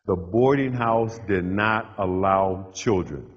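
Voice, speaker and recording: Husky man telling his story in a hall. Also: sits low. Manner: punchy short phrases with dramatic pauses. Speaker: motivational speaker. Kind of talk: storytelling keynote speech. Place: large hall with a live audience. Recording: dull lo-fi live hall recording.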